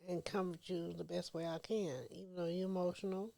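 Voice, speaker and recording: A middle-aged woman, the host's mother, a podcast guest speaking calmly in short affirming phrases. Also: fairly low pitch, fairly quick, vocal fry. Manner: calm, brief, affirming. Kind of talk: casual chat.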